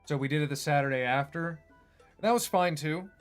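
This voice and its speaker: A man's voice: fairly high pitch, brisk, clean tone, soft background music. A man who animates online, chatting casually on a livestream in a rambling, self-deprecating way. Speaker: streamer and animator.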